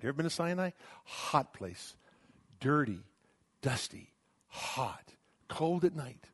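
A man's voice: medium pitch, sing-song, slow pace, long pauses, breathy edge, no room sound, clean studio sound. A middle-aged male pastor preaching a sermon, swinging from emphatic rises to near-whispers, often restarting his words. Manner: repeats words and restarts mid-phrase.

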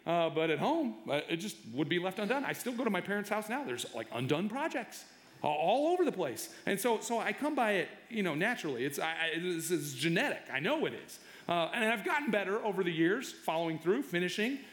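Middle-aged male pastor, sermon, halting delivery with repeats, slightly high voice, roomy hall. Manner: halting, repeats words, animated when telling stories. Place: church sanctuary. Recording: echoey hall reverb. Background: long hall reverb.

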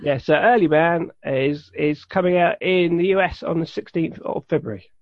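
A man with a voice on the high side co-hosts a podcast at normal speed, chatting casually. His talk rambles, with plenty of fillers and restarts. The recording is dry and sounds dull and lo-fi.

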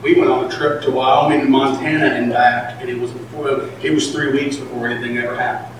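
A male pastor preaching, swinging between shouted emphasis and hushed confession. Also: mid-range voice, steady tone, fairly quick, slight background noise. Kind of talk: sermon. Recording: echoey hall from far off.

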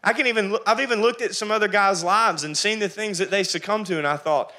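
High, bright-voiced animated male pastor. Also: quick pace. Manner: animated, acting out quotes with big pitch jumps. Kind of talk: sermon.

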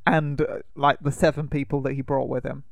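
A man's voice: mid-range voice, little pitch movement, a little fast, creaky, dry recording, studio quality. A man co-hosting a podcast, recapping a film in a rambling, casual way, full of fillers and laughter. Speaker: podcast co-host.

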